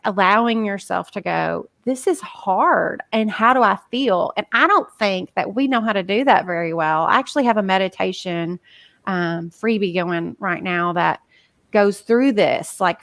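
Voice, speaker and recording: A woman's voice: medium pitch, gravelly, fairly bright tone, no room sound. A woman talking casually on a podcast as a guest coach, chatty and full of filler words. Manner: chatty, many "like" fillers, acts out inner voices.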